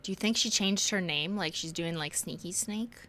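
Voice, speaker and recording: A woman's voice: lowish voice, normal speed, pushed and bright. A young woman streaming a game live, chatting casually, joking and reading in-game text aloud.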